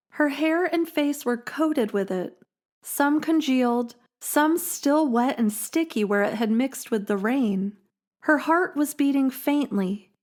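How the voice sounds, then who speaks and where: A woman hosting a storytelling podcast, reading a scripted story in a measured, dramatic way. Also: fairly high pitch, darkish tone. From Illinois, USA. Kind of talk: scripted narration.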